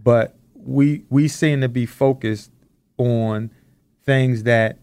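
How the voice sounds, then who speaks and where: A man co-hosting a podcast, talking in an earnest, reflective way as he slowly builds his points. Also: mid-range voice, fairly even intonation, darkish tone, clean tone, dry recording. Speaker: podcast co-host. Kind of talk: casual discussion.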